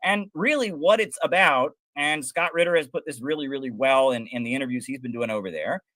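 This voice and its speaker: A man's voice: mid-range voice, a little fast, sharp tone, no room sound. A man co-hosting a political talk show, explaining history and ideas in a lecturing way. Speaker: co-host. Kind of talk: political commentary chat.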